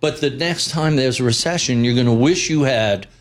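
A man's voice: mid-range voice, normal speed. A man speaking as a guest on a live financial show, blunt and opinionated with wry asides. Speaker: guest investment commentator. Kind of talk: live financial talk interview.

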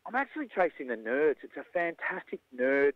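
An Australian man who coaches jiu-jitsu, talking in a lively, casual way and acting out the voices of people in his stories. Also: on the high side, brisk, dry recording, narrow, tinny audio. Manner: animated storyteller, acts out quoted voices. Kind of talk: casual conversation.

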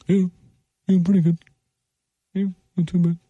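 Guy doing a mumbly young ballplayer impression, husky, dead dry sound. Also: high voice, little pitch movement, moderate pace, dark tone, no room sound, dull audio. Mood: flat, deadpan. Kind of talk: impression bit on sports radio.

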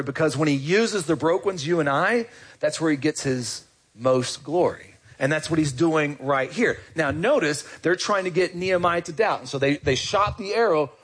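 A pastor delivers a sermon in a relaxed, conversational way, often asking the congregation questions. His voice sits a little high for a man, with a husky edge. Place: church.

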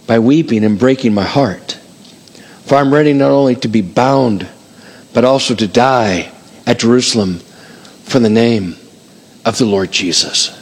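A middle-aged man preaching a sermon as pastor, energetically calling out to the congregation with quick repeated questions. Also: medium pitch. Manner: energetic, calls out to congregation like an auctioneer.

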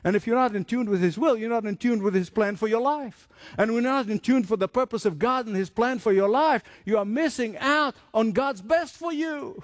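A man preaching a sermon, telling stories with lively acted-out voices. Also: extremely high pitch, brisk, few pauses, no echo, studio quality. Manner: animated storytelling, acts out voices.

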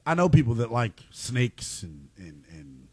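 A man's voice: medium pitch, sing-song, measured pace, slightly rough, dry recording. A man co-hosting a casual podcast, telling a rambling childhood anecdote.

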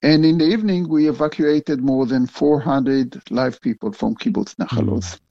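An older man, a retired general answering interview questions in a halting way, full of fillers and restarts. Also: mid-range voice, creaky, mellow, no room sound, lo-fi sound. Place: home in a big city.

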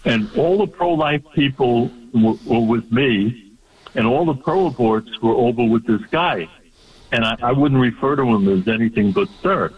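A man's voice: mid-range voice, a little slow. A man hosting a casual talk show, telling an anecdote. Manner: chatty anecdote teller who laughs at his own punchlines. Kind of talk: casual chat. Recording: dull lo-fi sound.

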